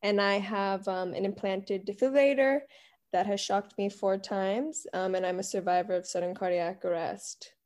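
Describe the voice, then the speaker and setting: A woman's voice: medium pitch, steady tone, moderate pace, a little mellow. A woman in her twenties, a podcast guest, introducing herself in an easygoing, joking way during a casual interview. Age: 20s.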